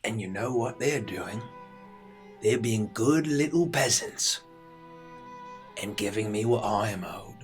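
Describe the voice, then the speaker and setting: A man's voice: on the low side, expressive, slow, long pauses. A man voicing a grubby male tax collector cat who bullies peasants, with a drawling, sneering manner, over music. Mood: menacing.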